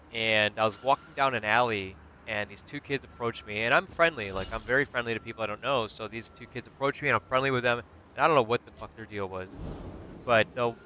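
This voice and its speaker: A man with a bright, forceful voice spins stories in casual chat and jumps into the voices of the people he quotes. A faint hum of background noise sits under his voice. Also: medium pitch. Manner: animated, acts out quotes. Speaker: gaming streamer.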